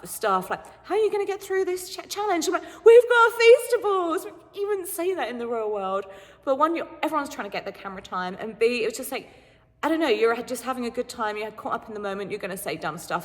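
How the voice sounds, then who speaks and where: A young woman chats straight to camera in a lively, animated way, laughing often as she recalls her time as a game show contestant. Her voice sits at a medium pitch and trails off into a long reverb. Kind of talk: casual chat to camera.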